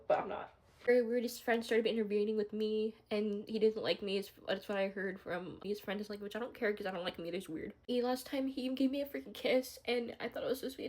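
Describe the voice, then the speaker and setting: A woman's voice: medium pitch, darkish tone. A young woman talking to her phone camera at home while doing her makeup, rambling and scattered as she pours out a personal confession. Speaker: vlogger. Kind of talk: emotional get-ready-with-me confessional.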